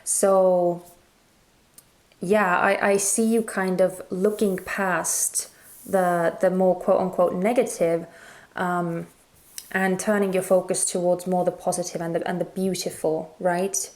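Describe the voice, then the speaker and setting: A woman's voice: on the low side, flat delivery, slow pace, a little mellow. A woman giving a casual spoken tarot reading, musing and hesitant with many fillers and restarts, her throat a little strained. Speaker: tarot reader.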